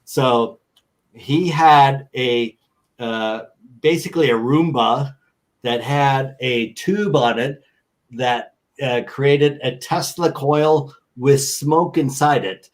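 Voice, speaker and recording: Animated man telling a wild story. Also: mid-range voice, slow pace, low-quality recording. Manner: animated, acts out other people's voices. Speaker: guest. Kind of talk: storytelling anecdote.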